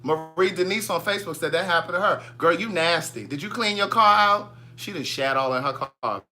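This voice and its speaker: A Southern US man runs a laid-back livestream, gossiping animatedly and reading out viewer comments. His voice is high-pitched and fairly fast.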